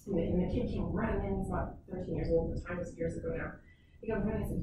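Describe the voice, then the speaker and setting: A woman's voice: fairly low pitch, steady tone, fast talker. Woman lecturing parents in an echoey room. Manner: chatty, peppered with "okay?" checks. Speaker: psychologist giving a parenting talk. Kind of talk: informal presentation to parents. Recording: echoey room, mic far off, noisy.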